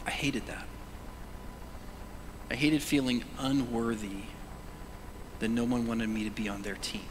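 A middle-aged male pastor preaching a sermon, animated, moving between loud calls and hushed whispers and prompting the congregation to say words aloud. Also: medium pitch, normal speed, noisy background. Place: church sanctuary. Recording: long church reverb.

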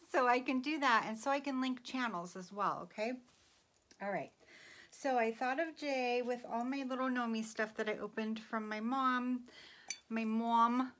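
A woman vlogger chatting casually about her gifts, gushing and giggling, sometimes dropping to a soft whisper. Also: a little high, expressive, normal speed. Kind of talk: casual chatty haul video. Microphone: phone.

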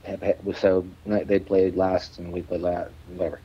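A man's voice: low-pitched, level tone, moderate pace, slightly rough, dull audio. A man guest telling rambling stories in a casual interview, stammering, restarting and swearing freely. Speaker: musician guest.

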